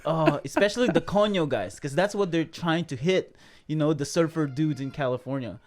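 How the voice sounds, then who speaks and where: A man hosting a podcast in easy conversation, chatty and quick to laugh as he asks questions. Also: fairly high pitch, a crowd in the background. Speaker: podcast host. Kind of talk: casual chat.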